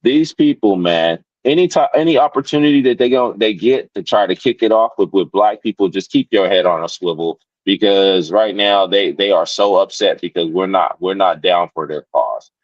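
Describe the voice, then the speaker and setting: A man's voice: low-pitched, normal speed, hardly any pauses, no echo, dull audio. A man telling a story in casual chat, rambling, with many restarts and fillers. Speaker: podcast guest.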